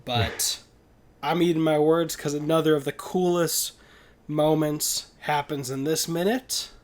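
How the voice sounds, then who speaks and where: A man co-hosting a casual film podcast over a video call, upbeat, with quick asides and quoted movie lines. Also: on the high side, fairly even intonation. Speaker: podcast co-host.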